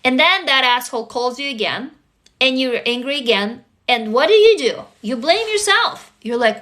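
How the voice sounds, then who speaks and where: A woman hosts a casual livestream in a high, bright, pushed voice, expressive and at a moderate pace. Answering her viewers, she is blunt, emphatic and freely profane.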